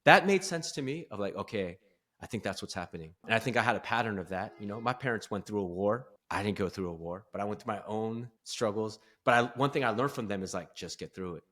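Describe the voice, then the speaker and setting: Earnest man with a bright voice. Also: on the low side, lively intonation, fast. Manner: earnest, openly vulnerable, laughs at himself. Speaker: podcast guest, performance coach. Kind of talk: candid conversational storytelling.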